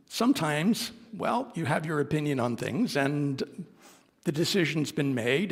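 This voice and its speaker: A man's voice: fairly high pitch, vocal fry. A man giving a sermon as a minister, speaking earnestly and conversationally with small asides. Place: sanctuary of a congregation. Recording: long reverb of a worship hall.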